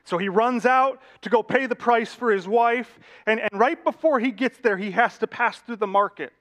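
A man's voice: very high-pitched, normal speed, fairly bright tone. A male pastor preaching a sermon, telling a story vividly and addressing the congregation directly.

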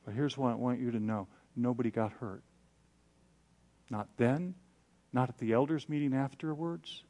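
A man's voice: medium pitch, moderate pace, warm tone. A man preaching, telling a personal story in a candid, self-deprecating way and acting out the voices he quotes. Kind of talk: sermon storytelling.

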